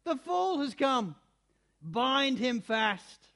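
A man voicing a cruel, commanding female witch in a storybook reading, shouting orders in a raised, shrill voice. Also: big pitch swings, drawn-out words, heavily acted. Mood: triumphant.

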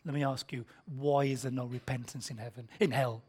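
A man preaching a sermon, blunt and confrontational, swinging between hushed, whispered lines and shouted passages while quizzing his listeners. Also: medium pitch, steady tone, fairly quick, few pauses, slightly rough.

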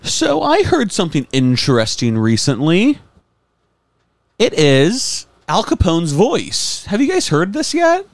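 A man co-hosting a podcast, chatting casually and joking, with loose, drawn-out delivery. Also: high voice, wildly swooping pitch. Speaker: podcast co-host. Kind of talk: casual chat.

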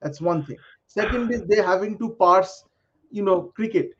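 A middle-aged man speaks with a measured, reflective manner, working through his points in order. His voice sits fairly high. The recording is a bit dull and lo-fi. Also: a bit bright, breathy edge. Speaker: panel guest. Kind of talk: casual panel chat. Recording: dull lo-fi sound.

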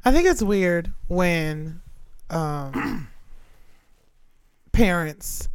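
A woman, a podcast co-host, speaking in relaxed, reflective casual chat. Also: on the low side, drawn-out words, clean tone, no echo.

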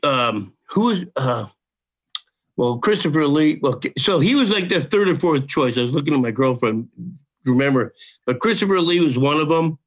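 Older man, podcast guest, high voice, lively pitch swings, profane, animated storyteller, dull lo-fi sound. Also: normal speed. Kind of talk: casual storytelling.

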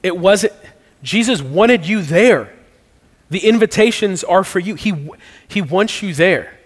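A man's voice: sits high, lively intonation, slow pace. A man preaching a sermon and leading communion and prayer in an earnest, conversational way with casual slang. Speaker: pastor. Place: church sanctuary. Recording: long hall reverb.

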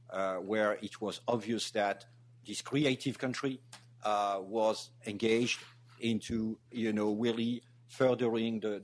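A man from France with a French accent giving welcome remarks as a guest speaker, halting with many restarts and fillers. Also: on the low side.

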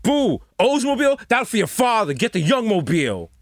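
A man's voice: sits high, normal speed, no echo, clean studio sound. A young man co-hosting a podcast, joking crudely and slipping into bro voices. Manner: animated, slips into bro voices. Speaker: podcast co-host. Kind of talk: crude comedic banter. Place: studio.

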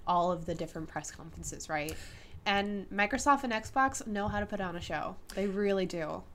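A woman co-hosting a podcast in casual chat, earnest and opinionated, quick to laugh. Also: mid-range voice. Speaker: podcast co-host.

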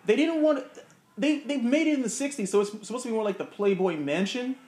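A man co-hosting a podcast, chatting casually about a film in an animated, opinionated way with jokey asides. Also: very high voice, a little fast. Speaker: podcast co-host. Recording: echoey room.

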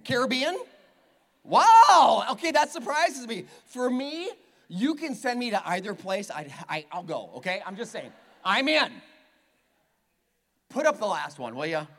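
A man's voice: very high voice, big pitch swings, unhurried, long pauses, a bit bright. A male pastor delivering a sermon, joking playfully with his congregation in a church. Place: church hall with a live congregation.

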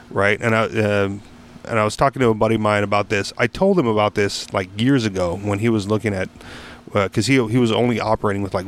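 A man with a fairly low voice talks through a long story in a relaxed podcast chat. He stops and restarts often, fills gaps with "um" and "like," and swears casually along the way. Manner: rambling storyteller with many restarts and fillers. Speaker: podcast host.

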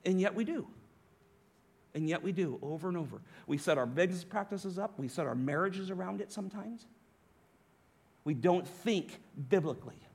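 A man's voice: sits high, lively intonation, moderate pace, gravelly, a little mellow, breathy edge. A man preaching a sermon as pastor, emphatic, with rhetorical questions to the congregation.

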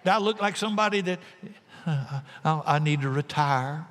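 A middle-aged male pastor preaching a sermon, animated, acting out voices from Bible stories. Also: a little high, normal speed, in a large hall, a little hiss or hum.

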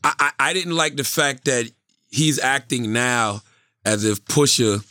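A man co-hosting a casual podcast, talking in an animated, emphatic way about rap interviews. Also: medium pitch, unhurried, no echo, clean studio sound. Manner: animated, emphatic, leans on "you know what I'm saying". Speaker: podcast co-host.

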